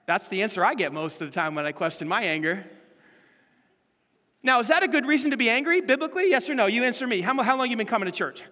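A man preaching a sermon as pastor, animated and full of rhetorical questions to the congregation. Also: extremely high pitch, fast talker, in a large hall.

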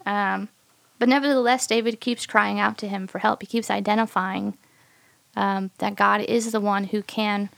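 A woman, a pastor, talking in a halting way on a podcast bible discussion, searching for words. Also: mid-range voice, steady tone, creaky, fairly bright tone, dry recording.

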